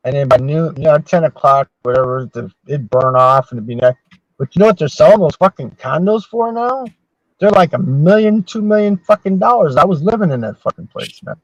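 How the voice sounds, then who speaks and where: A man's voice: fairly high pitch, lively intonation, fairly quick, no echo. Profane older man spinning rambling stories. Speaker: podcast host. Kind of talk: casual storytelling chat. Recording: dull, dry sound.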